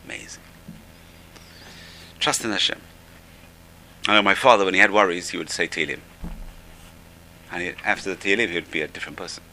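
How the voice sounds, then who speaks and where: A man's voice: deep voice, fairly quick, creaky, pauses often, pushed and bright, poor audio. A man teaching an informal religious class, enthusiastic and repeating how amazing things are. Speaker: Torah teacher.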